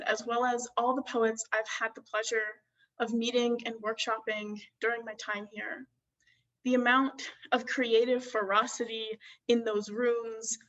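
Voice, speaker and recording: A woman's voice: on the high side, fairly bright tone. A woman in her twenties, a graduating student poet, giving a playful, wordplay-filled poetry reading. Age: 20s. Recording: distant, dull lo-fi recording.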